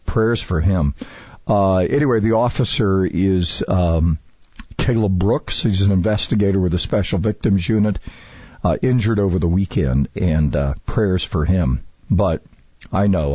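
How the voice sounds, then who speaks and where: A man's voice: low-pitched, mellow, husky, dry recording, dull audio. A man hosting a talk radio show, chatting casually and rambling with many fillers and restarts.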